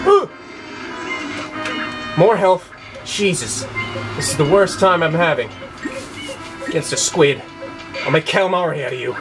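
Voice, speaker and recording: A man's voice: fairly high pitch, rough recording. Swearing, frustrated young man gaming. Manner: frustrated, swearing, yelling at the game. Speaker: let's play gamer. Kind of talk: video game commentary. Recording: game music playing behind.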